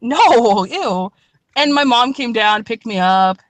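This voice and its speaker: A woman's voice: a little high, animated, takes it slowly, dry recording. Rambling young woman, dry close sound. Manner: rambling, many "like"s, swears, laughs a lot. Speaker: podcast co-host. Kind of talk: casual storytelling chat.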